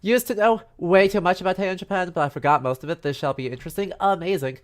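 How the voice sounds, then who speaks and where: A history streamer talks fast in a high-pitched voice, his nose stuffy and congested, while livestreaming a jokey, casual history lecture from his countryside home. He's chatty, piling on fillers and asides.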